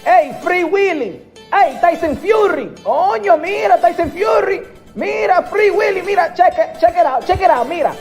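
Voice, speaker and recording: A man putting on a rowdy, excited male heckler who yells mockery and mixes in Spanish. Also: normal speed, soft background music. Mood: mocking. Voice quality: shrill, shouting, mixing in Spanish.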